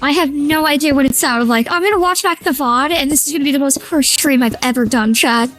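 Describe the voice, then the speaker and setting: A man streaming a game through a feminine voice changer, chatting excitably with his chat, squealing and giggling. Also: very high-pitched, brisk, soft background music, pitched above the performer's own voice. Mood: playful. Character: high feminine streamer voice, playful. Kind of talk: casual live-stream chat while gaming.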